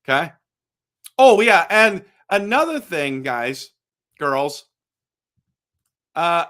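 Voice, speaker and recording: Middle-aged male vlog host, slightly higher voice, chatty and animated, addresses viewers directly, loose and repetitive delivery. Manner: frequent repetitions and restarts. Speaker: hockey fan channel host. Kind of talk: casual fan commentary vlog.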